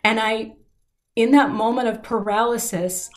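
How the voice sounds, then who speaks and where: In an interview, a middle-aged woman shares a personal story with sincerity and feeling, her pace easing at the emotional points. Her voice sits fairly high.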